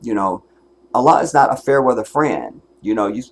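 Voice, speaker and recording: A man's voice: mid-range voice, expressive, moderate pace, slight background noise. Angry, emotional male stream host. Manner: emotional, profane, angry ranting. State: close to tears at times. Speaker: livestream host. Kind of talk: livestream commentary.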